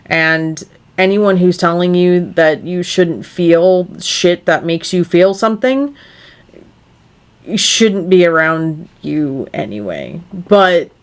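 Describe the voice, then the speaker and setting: Slow-talking earnest woman podcaster. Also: on the low side. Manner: earnest, rambling with many fillers. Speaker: podcast co-host. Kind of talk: casual podcast chat. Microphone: podcast microphone.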